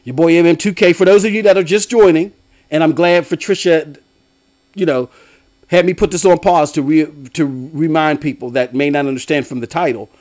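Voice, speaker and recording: A young man hosting a gaming live stream, ranting loudly and laughing often as he swings between shouts and low mumbles. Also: steady tone, brisk. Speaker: game streamer and podcast host.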